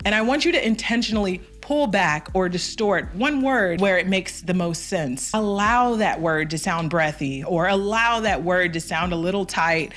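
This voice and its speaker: A woman vocal coach giving an online singing lesson, talking straight to the viewer in an upbeat, direct way. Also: mid-range voice.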